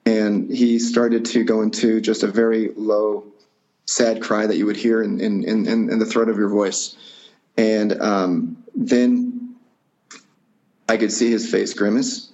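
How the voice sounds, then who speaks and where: Gravelly low-voiced man, halting. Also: level tone, darkish tone. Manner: halting, reflective, many fillers and restarts. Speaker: guest. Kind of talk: personal storytelling in conversation. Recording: dull lo-fi recording.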